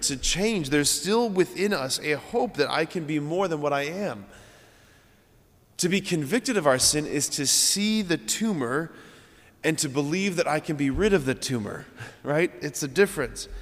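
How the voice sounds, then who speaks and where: Priest preaching in an echoing church. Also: male voice, on the high side. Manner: earnest, emphatic repetition. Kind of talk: homily. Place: large church. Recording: long church reverb.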